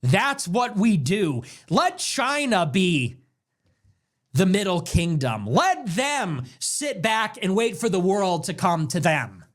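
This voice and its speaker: A man hosting a livestream, delivering an emphatic, declamatory political monologue that builds to shouts. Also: high-pitched, big pitch swings, slow pace. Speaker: livestream host.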